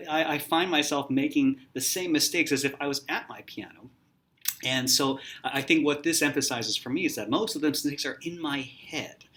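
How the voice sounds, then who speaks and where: Relaxed man teaching piano exercises. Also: mid-range voice. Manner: relaxed, demonstrative, counts finger numbers aloud. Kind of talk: casual video lesson. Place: hotel room.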